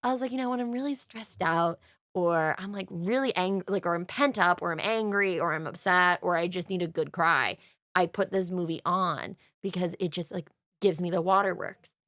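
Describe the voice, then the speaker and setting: Gushing woman co-host with a low voice. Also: moderate pace, a bit bright, no room sound, clean studio sound. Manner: gushing, emotional storytelling. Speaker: podcast co-host. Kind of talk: casual chat.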